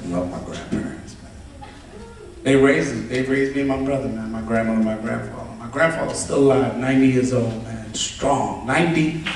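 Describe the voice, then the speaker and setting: A man performing a stand-up comedy set, telling animated, profane stories and acting out voices before a live audience. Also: mid-range voice, normal speed, vocal fry. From Latino family. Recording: echoey live room, mic far off. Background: audience laughter.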